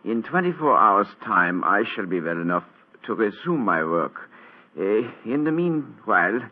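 A wounded German count speaks from his sickbed, low and breathy, his lively voice rising and falling as he halts between phrases. It is an old radio drama heard through a thin, tinny broadcast sound. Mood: weak, earnest. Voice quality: breathy, halting, many hesitations. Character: wounded German count, weak, bedridden diplomat. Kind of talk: 1940s radio acting.

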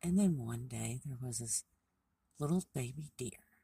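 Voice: medium pitch, animated, unhurried, vocal fry, warm tone, husky, no echo, recorded from a distance. A storyteller telling a children's animal tale in a homespun, casual way, with many dialogue tags.

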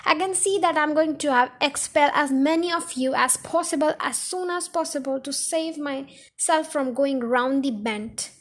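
Girl reading as a big mean headmistress, loud barking insults, high-pitched, storybook voice. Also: normal speed, natural voice. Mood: bellowing, scornful. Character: huge bullying female headmistress, harsh and scornful.

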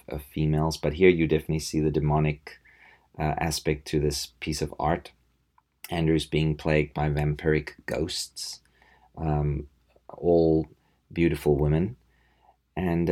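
A man's voice: rumbling low, darkish tone. A man hosting a podcast, casually reviewing comics in a rambling, enthusiastic way.

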